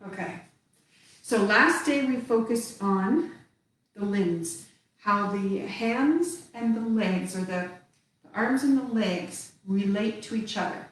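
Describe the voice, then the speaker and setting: Woman teaching tai chi in an echoey room. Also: medium pitch. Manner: slow calm cueing of movements, occasional laughs. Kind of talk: live online movement class. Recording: echoey room, speaker far from the mic.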